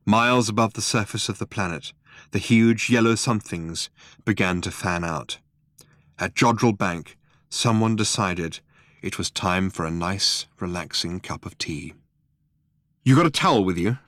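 A man narrating a comic novel in a wry, expressive way. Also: low-pitched, a little slow, no room sound, clean studio sound. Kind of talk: audiobook narration.

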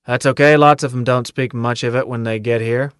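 A man's voice: mid-range voice, fairly even intonation, brisk, fairly bright tone, smooth, no room sound, studio quality, natural voice. A man voicing a tough, cocky male drill sergeant who barks and taunts his recruits in an audiobook. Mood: sardonic. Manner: barking, taunting commands.

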